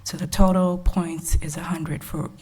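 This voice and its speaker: A young woman from the city's grants office walking through evaluation criteria at a workshop, soft-spoken and measured with many fillers, a little short of breath. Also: fairly low pitch, steady tone, husky. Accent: Texan. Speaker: grants evaluation staff presenter. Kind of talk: presenting at a public workshop.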